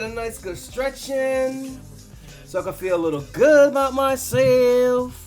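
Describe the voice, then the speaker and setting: A live streamer chatting casually with viewers in a quieter, softer morning voice, rambling and laughing easily. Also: high voice, measured pace, soft background music.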